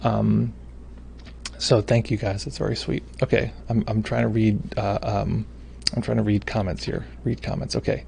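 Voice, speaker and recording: A man's voice: lowish voice, level tone, moderate pace, creaky, a little mellow, a little hiss or hum. A man who hosts a meditation livestream, chatting casually from home as he reads viewer comments, rambling, stumbling over names and gushing with thanks. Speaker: meditation teacher hosting a livestream.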